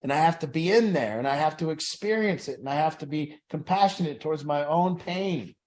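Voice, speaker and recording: A man's voice: a little high, fairly quick, darkish tone. A man leading an addiction support group, talking in an earnest, plain-spoken way that repeats phrases for emphasis.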